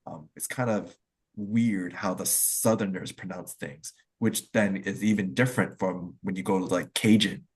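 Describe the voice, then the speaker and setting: A man talks in a casual online discussion, his voice low and a little husky. He explains things loosely and at length, circling back with plenty of "like" and "um" fillers, and sounds like he is on a video call. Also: steady tone, moderate pace. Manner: rambling, explanatory, heavy use of "like" and "um". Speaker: discussion participant.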